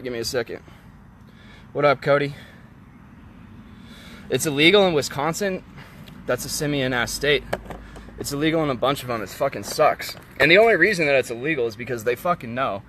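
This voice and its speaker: A man in a casual, blunt rant to camera, swearing often and turning loud when heated. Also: mid-range voice, moderate pace, pauses often, slight background noise. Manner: profane, blunt, frequent swearing. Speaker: vlogger selling kratom.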